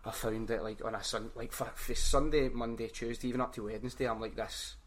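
A man's voice: mid-range voice, fairly even intonation, fairly quick. A Glaswegian man hosting a casual podcast interview, chatty and self-mocking and full of local slang. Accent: Glaswegian Scottish. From Scotland. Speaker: podcast host.

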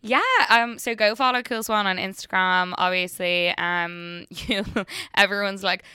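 A woman's voice: medium pitch, steady tone, a little slow, sharp tone, clear, resonant tone, no room sound, studio quality. A young Irish woman in her twenties, a podcast guest chatting eagerly and laughing often, with lots of "like". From Ireland. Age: 20s. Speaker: guest, brand director. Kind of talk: casual podcast chat.

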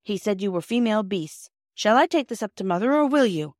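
A woman's voice: mid-range voice, animated, brisk, dry recording, studio quality, voice pushed up, close to an everyday voice. A woman reading a classic children's storybook aloud and voicing a boastful boy who teases his sisters with a superior air. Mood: mocking. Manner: superior, teasing.

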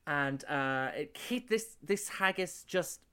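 A man's voice: on the high side, expressive, takes it slowly, bright, forceful tone, clean tone. A man co-hosting a spoof review show, talking in a rambling, mock-earnest way. He keeps stalling and restarting his sentences, trailing off and circling back. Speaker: co-host. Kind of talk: deadpan comedy review chat.

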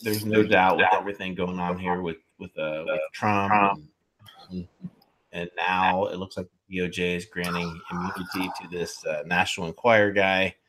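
A man with a very deep voice co-hosts a casual political chat, bringing up topics and asking for his partner's take in a wry way. Clear crowd chatter runs behind him. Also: steady tone, moderate pace. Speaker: co-host.

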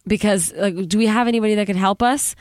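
A woman's voice: medium pitch, fast talker, a little mellow, no room sound, studio quality. A woman co-hosting a podcast, chatting casually, retelling movie scenes by quoting the characters, with laughter and filler words. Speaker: podcast co-host. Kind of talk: casual chat recapping a movie.

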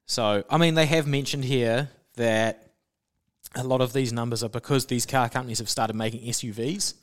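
A man explains things calmly on a casual podcast. His voice sits at an ordinary middle pitch. His manner is relaxed and knowing, and he drops in the occasional swear word. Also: normal speed. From New Zealand. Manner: explanatory, laid-back, sweary. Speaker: podcast co-host.

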